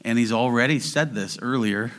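A man's voice: mid-range voice, moderate pace. A middle-aged pastor preaching a sermon, chatty and joking with his congregation, who now and then breaks into singing the verse.

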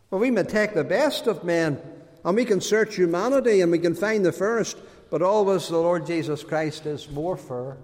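Pastor preaching slow and emphatic, highish voice, big echoey church sound. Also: male voice, darkish tone. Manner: emphatic, lingering on key words. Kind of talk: sermon. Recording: church hall reverb.

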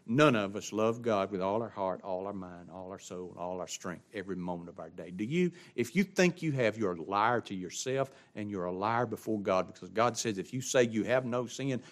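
A male pastor delivering a sermon, swinging between loud, ringing exclamations and quiet, hushed asides. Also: lowish voice. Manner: preaching with sweeping swings from loud exclamation to hushed near-whisper.

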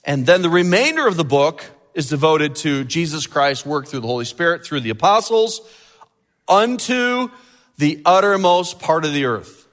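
A man preaching a sermon as pastor, animated and building to emphatic peaks. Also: on the high side, normal speed, in a large hall.

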